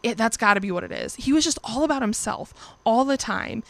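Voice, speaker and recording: A woman's voice: on the high side, expressive, brisk, vocal fry, dry recording. A young woman in her twenties casually telling a personal story as host, chatty and profane, acting out quoted lines in livelier voices. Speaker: podcast or vlog host.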